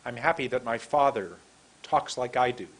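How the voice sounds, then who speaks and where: A man from San Francisco teaching English pronunciation, repeating words slowly and deliberately. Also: medium pitch, fairly bright tone. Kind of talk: slow demonstrative lesson.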